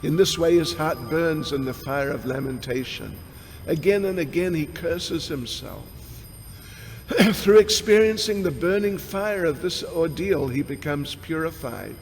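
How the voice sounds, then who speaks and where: A man, a swami, giving a scripture class as a sermon, talking slowly and deliberately and clearing his throat often. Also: fairly high pitch. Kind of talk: sermon-style scripture lecture. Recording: long hall reverb with faint background noise.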